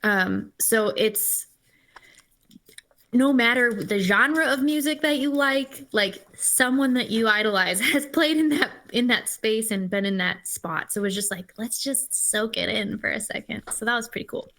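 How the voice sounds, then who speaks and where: A woman's voice: fairly high pitch, animated, unhurried, pushed and bright. Chatty woman telling band stories. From Los Angeles-based. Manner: talks with her mouth full; chatty, enthusiastic storytelling. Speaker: singer-songwriter guest. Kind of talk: casual interview chat.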